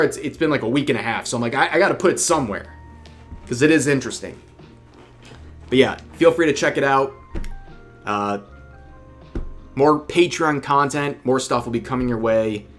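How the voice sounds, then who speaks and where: A young man talks loosely to his livestream audience, reads out donation messages and says the same phrase twice before moving on. His voice sits in an ordinary middle register. Faint guitar music plays under him. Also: medium pitch. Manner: chatty, repeats phrases, reads donor messages aloud. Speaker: streamer reading super chats. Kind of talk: casual livestream chat.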